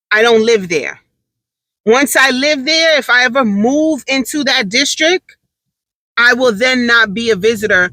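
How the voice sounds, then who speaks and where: A woman's voice: a little high, pushed and bright, no echo, poor audio. A woman telling a story in a casual monologue, emphatic and repeating her points for stress.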